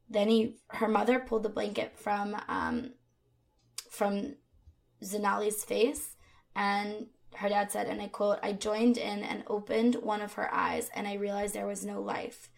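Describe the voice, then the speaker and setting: Gravelly woman recounting a true crime case. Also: mid-range voice, moderate pace, a little mellow. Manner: conversational, with fillers and asides. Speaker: podcast co-host. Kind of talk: true crime podcast narration.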